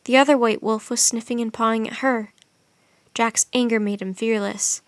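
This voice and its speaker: A woman with a fairly high voice reads a children's adventure story aloud. Her storytelling is expressive and steady. The recording is close and dry, as in a studio. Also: moderate pace, dry recording. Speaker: narrator. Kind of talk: audiobook narration.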